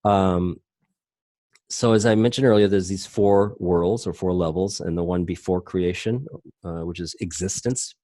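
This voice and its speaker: A middle-aged man talks through a lesson from his home computer in a deep, warm tone. He rambles and breaks off mid-sentence to fix what he said. The sound is dry and close, with no room echo. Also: measured pace. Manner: loose, rambling, self-interrupting. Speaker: teacher. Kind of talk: casual online class lecture.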